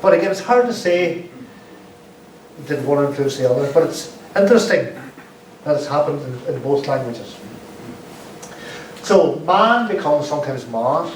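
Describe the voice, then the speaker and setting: A man lectures to a live audience, pausing to repeat words so the sounds come through. He is picked up from across an echoey room, a little distant, with a faint hiss underneath. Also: fairly high pitch, animated, darkish tone. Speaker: guest lecturer. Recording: roomy echo, distant mic, faint hiss.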